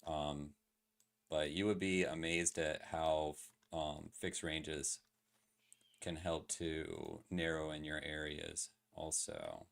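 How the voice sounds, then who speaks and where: A man's voice: a bass voice, lively intonation, slow, gravelly. A man streaming live, talking casually through crypto chart analysis with lots of fillers and questions to his chat. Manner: loose, filler-heavy, asks chat questions.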